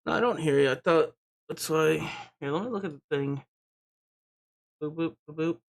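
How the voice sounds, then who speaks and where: A man's voice: fairly high pitch, expressive, brisk, gravelly. A man chatting casually with a friend while playing a video game, laughing often and rambling. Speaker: gamer streaming with a friend. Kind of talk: casual chat while gaming.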